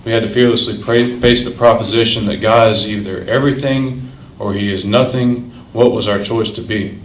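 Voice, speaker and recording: A man's voice: on the low side, steady tone, normal speed, slight background noise. Earnest man telling his recovery story. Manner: earnest, emotional, repeats phrases for emphasis. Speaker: recovery meeting speaker. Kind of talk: personal recovery story told to a meeting. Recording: echoey room.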